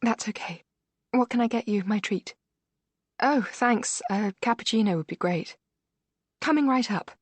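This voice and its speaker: Woman reading a confident, breezy young woman, friendly, little higher voice, dry close sound. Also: a little slow, long pauses, husky, no echo.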